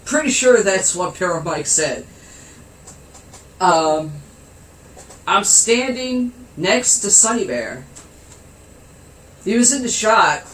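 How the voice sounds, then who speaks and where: Giggly, high-voiced man telling a story. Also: expressive, takes it slowly, long pauses, fairly bright tone. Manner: giggly, laughs through his anecdote; swears freely. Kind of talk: casual storytelling. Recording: roomy, with faint background noise.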